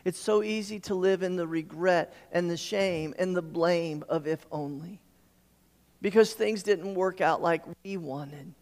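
A man delivering a sermon in a somewhat high voice, repeating words and stumbling into restarts as he presses his point. His voice carries a long reverb, as in a large sanctuary. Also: a little mellow. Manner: repeats words and stammers on restarts, building emphasis. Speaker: pastor.

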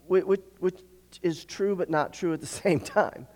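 Man, pastor, sermon, earnest, repeats himself, throat clearing, fairly high voice. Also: moderate pace, mellow. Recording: long hall reverb.

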